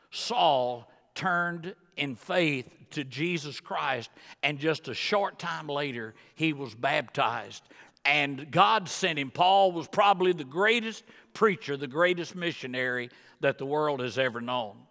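Brief: a man as a guest pastor, emphatic sermon delivery, a bright, somewhat high voice, on a body mic in a church with long reverb. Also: takes it slowly, creaky. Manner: emphatic, rising to high excited bursts. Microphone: wireless body mic with battery pack.

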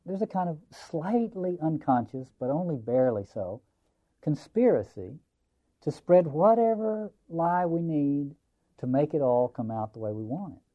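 A man's voice: a little high, expressive, measured pace, highs cut off. A man giving a lecture on a play, musing and reflective, repeating phrases for emphasis.

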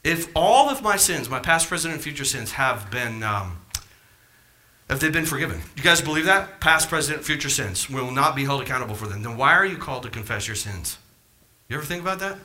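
A male pastor preaching a sermon with passion, firing rhetorical questions at the congregation and swinging from near-shouts to quiet asides. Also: big pitch swings, fairly quick. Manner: impassioned, rising to near-shouts then dropping low.

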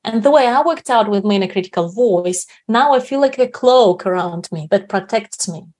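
A woman appearing as a guest on an interview show to discuss inner confidence explains her ideas reflectively, often checking in with tag questions like "right?". Her medium-pitched voice has lively intonation, a normal pace and a slightly mellow tone.

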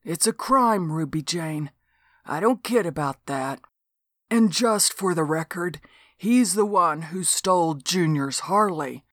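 Woman voicing a gruff lawman, unhurried and low. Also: lively intonation, dry recording, studio quality. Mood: matter-of-fact. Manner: slow drawl, matter-of-fact. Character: gruff big Southern lawman, laid-back.

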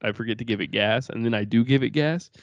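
A man's voice: mid-range voice, fast, no room sound, highs cut off. A young man co-hosting a podcast, rambling through profane family stories and laughing as he talks. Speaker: podcast co-host. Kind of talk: casual chat.

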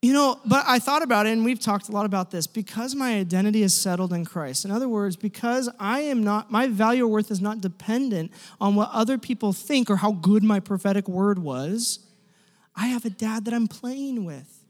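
Man preaching in an echoey hall. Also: high voice. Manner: animated, self-deprecating, with quick restarts and laughs. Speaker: pastor. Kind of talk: sermon storytelling.

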